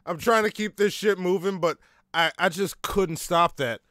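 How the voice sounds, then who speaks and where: Profane podcast host, dry sound. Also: male voice, high-pitched, moderate pace, fairly bright tone, no echo. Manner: loose and profane, steering the show along. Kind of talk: casual podcast banter.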